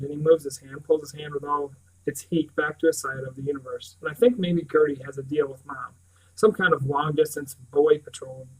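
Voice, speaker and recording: A man reading a first-person novel aloud in a measured way, often sinking to a hushed, intimate tone. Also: fairly high pitch, rough recording. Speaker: audiobook reader.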